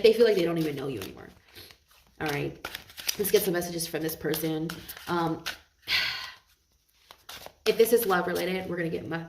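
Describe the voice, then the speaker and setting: A woman reads tarot for her viewers in an earnest, heartfelt way, circling back and restarting her phrases as she goes. Her voice sits at an ordinary middle pitch. The sound is roomy and echoey, with the mic set back some distance from her. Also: slight background noise. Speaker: tarot reader. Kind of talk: tarot reading monologue to viewers.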